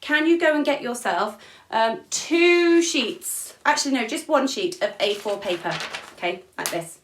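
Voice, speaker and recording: A woman leads a music lesson for young children, encouraging them and counting the beats out loud. She is recorded at home from some way off the mic. The room rings with echo, and noise sits clearly behind her voice. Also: a little high, animated, fairly quick. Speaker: music teacher. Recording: echoey room, mic at a distance, noisy.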